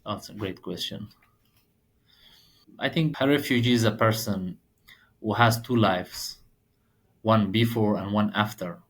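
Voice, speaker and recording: A man in his thirties from Afghanistan with an Afghan accent, a podcast guest speaking earnest, halting second-language English. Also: fairly low pitch, fairly bright tone. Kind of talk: podcast interview.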